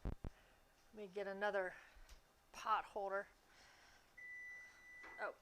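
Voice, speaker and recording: Against a noisy background, a woman streamer with a mid-range, level voice bakes on a livestream and talks with her viewers. She's chatty, relaxed, and laughs easily.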